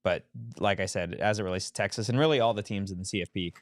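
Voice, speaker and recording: A man co-hosting a live sports watch-along, giving relaxed game analysis in casual chat and reading chat questions aloud. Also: fairly low pitch, fast talker, dry recording, clean studio sound. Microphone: mic set low, sometimes far from mouth.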